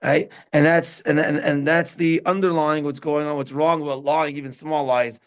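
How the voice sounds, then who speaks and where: A rabbi teaches a parenting class in a lively, conversational way, often turning to his listeners to make sure they follow. His voice sits a little high for a man. The recording is dull and lo-fi. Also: moderate pace, clear, resonant tone. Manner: animated, keeps checking in with listeners. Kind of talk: casual teaching talk. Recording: dull lo-fi sound.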